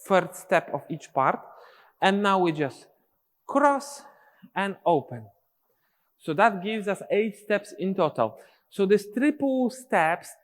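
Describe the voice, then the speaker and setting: Guy teaching dance, fairly high voice, counts ta ta ra, echoey studio. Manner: rhythmic syllable counting, instructive. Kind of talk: counting and explaining dance steps.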